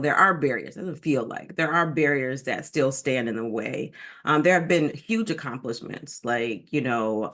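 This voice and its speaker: A woman from Detroit, a diversity coach, talking candidly in an interview, animated and frank with plenty of ums and likes. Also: low voice. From Detroit, Michigan, United States. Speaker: diversity and inclusion coach, guest. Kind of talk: candid personal storytelling in an interview.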